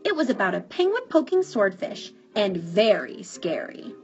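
A woman reading a children's picture book aloud in an animated, expressive way. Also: mid-range voice, normal speed. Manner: animated, drawing out words for effect. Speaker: storybook reader. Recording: dull, muffled recording with faint music.

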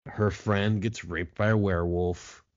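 A man's voice: deep voice, steady tone, a little slow, lo-fi sound. A man talking as a podcast guest, riffing in a profane, sarcastic way in casual chat.

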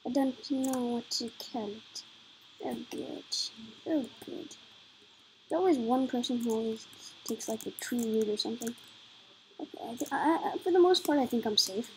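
High-pitched lady rambling thru a game, giggly, mellow soft tone. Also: brisk, a little hiss or hum, rough recording. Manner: rambling, giggly, talks to self while playing; puts on joke accents. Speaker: gameplay commentator. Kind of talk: casual let's-play commentary.

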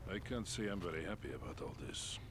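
An actor voicing a weary Soviet major with a dry, wry manner in a game cutscene. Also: male voice, sits low, big pitch swings, fast, gravelly, full character voice. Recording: game audio with noisy ambience.

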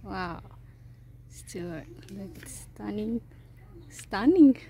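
Slow-speaking woman with soft exclamations. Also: on the high side, a little hiss or hum. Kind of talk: casual chat on a travel vlog.

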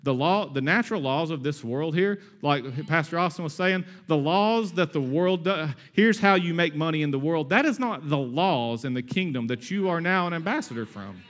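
A man in his thirties preaches to his church with a fairly high voice. He talks energetically and conversationally. He slips in humorous asides along the way. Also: animated, normal speed, few pauses, a bit bright. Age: 30s. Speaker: pastor. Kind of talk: sermon.

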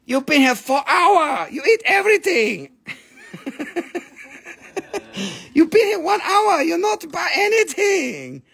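A man's voice: extremely high pitch, big pitch swings, takes it slowly, gravelly, long pauses, fairly bright tone, voice pushed up, heavily acted. A man voicing a pushy, haggling male market seller who talks in chopped, broken English. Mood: mock-scolding. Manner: wheedling, chopped broken-English sales patter.

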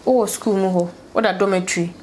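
A woman conducts a casual street interview. She mostly gives short prompts and asks brief questions. Her voice has an ordinary, medium pitch. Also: steady tone, fairly quick, darkish tone, slight background noise, low-quality recording.

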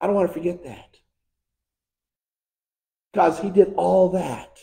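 An American pastor preaching a fervent sermon, swinging between shouted climaxes and hushed, quiet lines. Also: male voice, high-pitched, normal speed, creaky, long pauses. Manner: impassioned preaching, building to shouts and dropping to hushed tones. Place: church sanctuary. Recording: echoey church room.

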